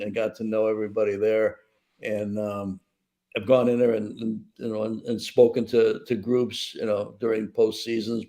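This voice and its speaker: An older man talks through a story in a relaxed, easygoing way as a co-host. His voice is low and gravelly. He chats comfortably. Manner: easygoing and conversational. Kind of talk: casual chat.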